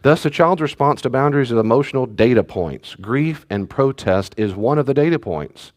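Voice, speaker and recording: A man, a pastor teaching a church study class in a relaxed, conversational way with joking asides to the group. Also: medium pitch, normal speed.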